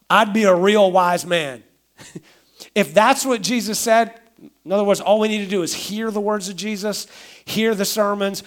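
A middle-aged man, a pastor, preaching a sermon in a conversational way, acting out everyday quotes. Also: sits high.

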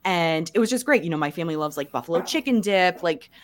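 A young woman co-hosting a podcast, raspy from a cold, chatting quickly and saying "like" a lot. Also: on the low side, expressive. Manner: chatty, quick, says "like" often. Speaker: podcast co-host. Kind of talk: casual podcast chat.

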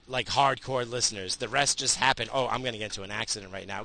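A man's voice: medium pitch, fast, vocal fry, hardly any pauses, bright, forceful tone. A middle-aged man ranting crudely in a profane solo monologue, recorded in his car while he drives. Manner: crude, heated and sweary, with frequent restarts. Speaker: solo podcaster.

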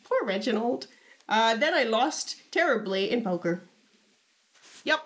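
A woman's voice: a little high, sing-song, unhurried. A young woman co-hosting a casual chat, reading old diary entries aloud in a playful, teasing way.

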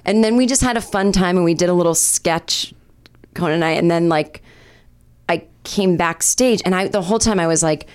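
A woman in her forties, a comedian guest on a casual podcast, telling rambling, animated stories. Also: lowish voice, normal speed, clean tone. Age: 40s. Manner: rambling, animated storyteller acting out quotes.

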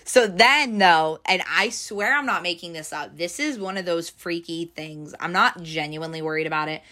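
A young woman in casual chat, retelling a workplace story and acting out what each person said, with a steady stream of "like". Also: lowish voice, normal speed. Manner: animated storyteller, fills with "like", acts out quotes. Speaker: bank teller telling a story.

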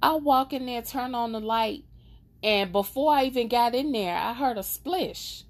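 A woman hosting her own podcast, telling a personal story in an emotional, expressive, casual way. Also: on the high side, measured pace, creaky. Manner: casual, conversational. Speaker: podcast host.

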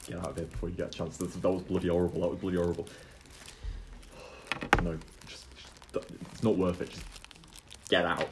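A man voicing a shaken male fighter who warns others in a hushed, urgent way. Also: low-pitched, level tone, fairly quick, long pauses, very noisy, lightly acted.

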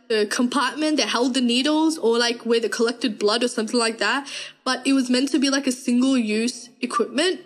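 High-voiced chatty young woman. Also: fairly bright tone. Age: young adult. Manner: chatty storyteller, laughs often. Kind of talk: casual chat.

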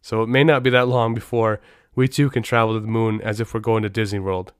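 Rambling podcast host, smooth dry voice. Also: male voice, fairly low pitch, little pitch movement, brisk, no room sound. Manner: rambling, many restarts and asides. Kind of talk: casual podcast storytelling.

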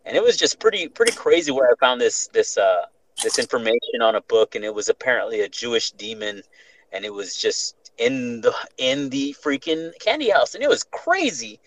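Brief: young male podcast host, casual profane storyteller, mid pitch. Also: moderate pace, slight background noise, poor audio. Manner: profane, animated, restarts often.

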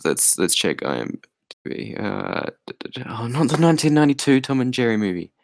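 A man's voice: mid-range voice, sing-song, brisk, gravelly, no room sound. A tired man co-hosting a podcast, chatting casually about a film and rambling with lots of fillers and laughs. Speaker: podcast co-host.

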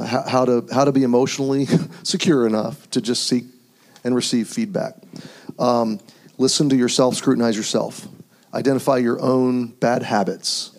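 A pastor hosting a round-table discussion, running briskly through a list of tips and often ending points with "okay?". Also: male voice, mid-range voice, gravelly, a little mellow. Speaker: pastor and conference host.

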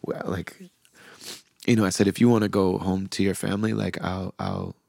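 A middle-aged man hosting a podcast, softly telling a heartfelt personal story with quoted dialogue. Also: low voice, sing-song, moderate pace, vocal fry, no echo, studio quality. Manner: soft-spoken, heartfelt, with frequent fillers and quoted dialogue. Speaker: podcast host.

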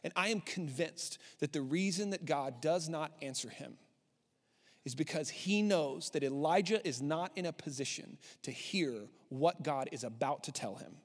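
A man in his thirties preaching a sermon as a pastor, animated and swinging up high when he voices a despairing prophet. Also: normal speed. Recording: long hall reverb.

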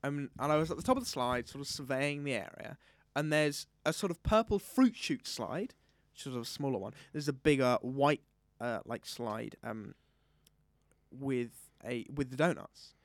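A young man co-hosting a casual podcast chat, telling animated stories and breaking into loud comic impressions. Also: mid-range voice, normal speed, dry recording, studio quality. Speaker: podcast co-host. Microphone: studio microphone.

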